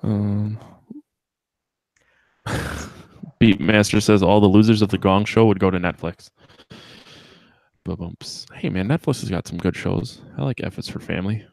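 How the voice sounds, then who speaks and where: Gravelly, dry-humored podcast co-host man. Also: on the low side, steady tone, normal speed, long pauses, darkish tone, no room sound. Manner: dry, joking asides. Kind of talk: casual movie podcast chat.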